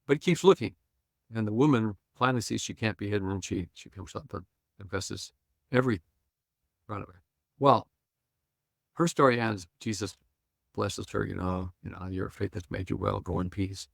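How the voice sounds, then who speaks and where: Older guy pastor telling the story, low gravelly voice, acts out the lines, dry close sound. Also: normal speed, pauses often, no echo. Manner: retells scenes acting out quoted lines, chuckling. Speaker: guest Bible scholar and pastor. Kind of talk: animated storytelling on a podcast.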